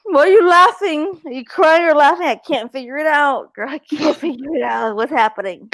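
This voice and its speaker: A woman's voice: high-pitched, moderate pace, fairly bright tone, no room sound. A woman hosting a casual livestream as a medium, emphatic, swearing freely and repeating herself.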